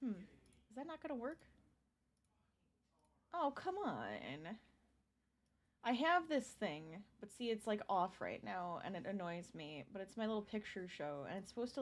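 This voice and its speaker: A woman's voice: medium pitch, a bit bright. A young adult woman chatting casually with her live-stream viewers while she crochets, laughing often as she talks.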